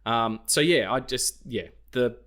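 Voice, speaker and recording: A man's voice: medium pitch, measured pace, a bit bright. A man co-hosting a casual film podcast, swearing freely and acting out scenes in quoted voices. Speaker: podcast co-host.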